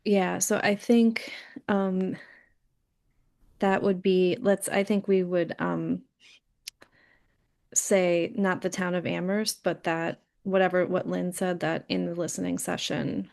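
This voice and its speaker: A woman's voice: on the low side, little pitch movement, slow pace, vocal fry, darkish tone. A woman on a town committee explaining a point in a hesitant way, with many restarts. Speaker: committee member. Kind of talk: casual meeting talk.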